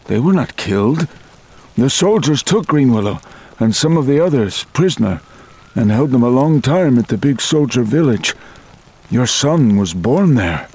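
A man voicing a dignified old male elder who speaks slowly and formally in an audiobook. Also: mid-range voice, expressive, a little mellow, slightly rough, pitched above the performer's own voice. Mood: earnest. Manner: slow, solemn, formal phrasing. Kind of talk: audiobook character voice.

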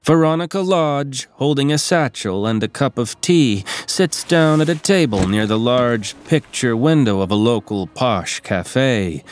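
A man narrates an audio drama in a steady, even voice of medium pitch. Faint music runs under him. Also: measured pace, hardly any pauses. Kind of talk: scripted narration.

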